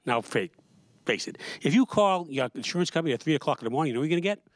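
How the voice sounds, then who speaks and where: A man riffs through a sarcastic stand-up routine, with a voice that jumps up and down in pitch. He is recorded dry and close, with no room around him. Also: animated, very fast, no room sound. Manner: rambling, sarcastic, acts out quoted voices. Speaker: stand-up comedian. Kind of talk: stand-up comedy monologue. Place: small studio.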